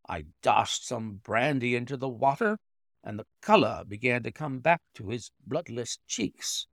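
A man reading a classic story aloud in expressive, dramatic narration. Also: medium pitch, measured pace, gravelly, dry recording, studio quality. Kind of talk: scripted audiobook narration.

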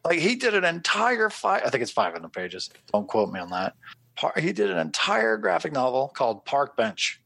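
A man co-hosting a podcast, chatting casually and telling animated stories, swearing and acting out his own reactions. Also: mid-range voice, normal speed, gravelly, husky, dry recording. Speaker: podcast co-host. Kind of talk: casual chat.

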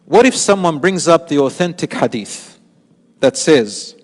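A man giving an animated sermon who repeats words for emphasis and mixes in Arabic phrases. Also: on the high side, unhurried, long reverb tail, faint music behind. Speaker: Islamic preacher. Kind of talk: sermon with storytelling.

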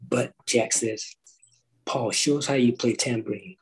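A middle-aged man, a former orchestral timpanist, telling an animated story in a roundtable talk, acting out quotes and singing drum parts. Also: mid-range voice, measured pace, rough recording. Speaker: orchestral timpanist recalling his start.

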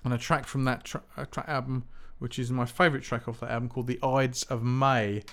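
A man's voice: mid-range voice, fairly even intonation, a little fast, a bit bright. A man hosting a music podcast, talking in a rambling, chatty, self-mocking way with lots of restarts. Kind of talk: casual solo podcast chat.

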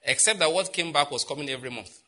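A middle-aged male pastor preaching a sermon, telling stories and rising to loud, impassioned outbursts. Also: fairly high pitch, quick pace.

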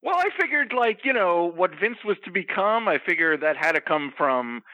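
A man's voice: high voice, very animated, moderate pace, no echo, lo-fi sound. A man talking wryly as a podcast guest. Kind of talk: casual podcast chat.

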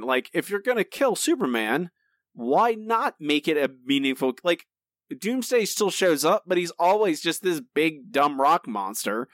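A man's voice: fairly high pitch, a bit bright, dry recording, clean studio sound. Rambling man co-hosting a podcast. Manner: rambling with many restarts. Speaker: podcast co-host. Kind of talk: casual chat.

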